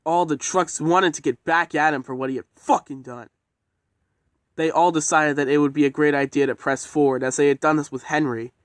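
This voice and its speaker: A man's voice: a little high, fairly even intonation, brisk, no room sound, studio quality. A man casually narrating a homemade train story, rambling and swearing as he goes. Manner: rambling and profane.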